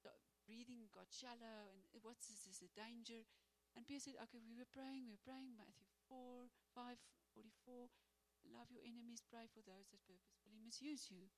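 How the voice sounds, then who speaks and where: Animated woman telling a sermon story. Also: a little high, moderate pace, poor audio. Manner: animated storytelling, acting out prayers. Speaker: church speaker. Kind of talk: testimony sermon.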